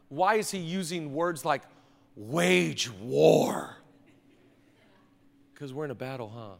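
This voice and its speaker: A man's voice: on the high side, animated, slow pace, gravelly, long pauses. A male pastor preaching a sermon in a conversational, emphatic way, with repeated phrases, recorded in a large church auditorium. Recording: long reverb of a big hall.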